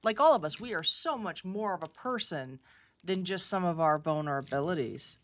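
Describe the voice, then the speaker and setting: A woman hosting an interview, gently reflecting back what her guest shares and asking how she feels. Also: on the low side, expressive, moderate pace. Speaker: podcast host. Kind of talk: empathetic interview questions.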